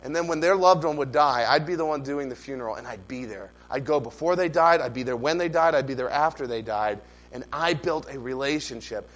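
A man in his thirties preaching a sermon to his church, earnest and building to loud, impassioned calls. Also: mid-range voice, low-quality recording. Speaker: pastor. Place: church sanctuary.

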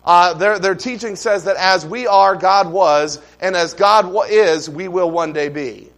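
A pastor with a high voice delivers a sermon in a loose, conversational manner. He asks the congregation rhetorical questions and drops in offhand asides. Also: measured pace, a bit bright.

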